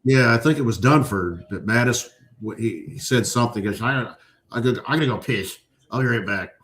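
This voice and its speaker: A man's voice: medium pitch, fairly quick. A man, a Marine veteran, telling swear-laden stories in casual chat. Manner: profane, animated storyteller.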